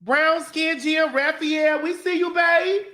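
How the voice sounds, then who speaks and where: A woman's voice: sits high, steady tone, takes it slowly, bright, forceful tone. A woman hosting a live morning show, calling out viewers' names in a sing-song, playful way, full of "honey" and "baby". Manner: frank, profane and laughing. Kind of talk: live-stream chat, greeting viewers.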